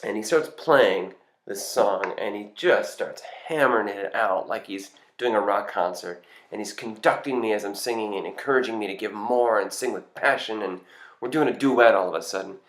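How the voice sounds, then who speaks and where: Low-voiced man telling a story. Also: moderate pace. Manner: relaxed, conversational, with small hesitations. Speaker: singer and actor telling an anecdote. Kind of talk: casual first-person storytelling. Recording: roomy echo.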